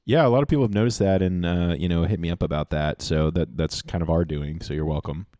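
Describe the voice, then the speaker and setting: Low voiced guy, deadpan dry jokes, dead dry room. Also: fast, no echo. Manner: dry, deadpan, trails off quietly. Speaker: podcast co-host. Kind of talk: deadpan ironic banter.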